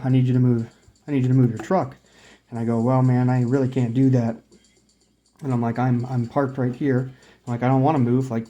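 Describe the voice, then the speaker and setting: A man's voice: mid-range voice, warm tone. A young man casually telling a story, swearing freely, acting out the dialogue and pointing out where things happened. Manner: profane, acts out quoted dialogue; points out spots while telling. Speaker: vlogger.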